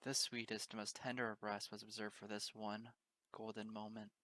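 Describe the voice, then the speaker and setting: A man's voice: lowish voice, level tone, normal speed, pushed and bright. A man narrating a fan fiction audiobook in an earnest, emotional first-person reading. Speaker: audiobook reader.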